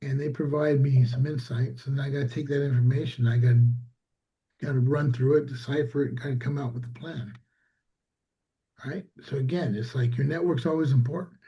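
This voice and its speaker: A man's voice: medium pitch, fairly even intonation, brisk, highs cut off. A man, a small business owner, telling a story in casual conversation and acting out quoted dialogue.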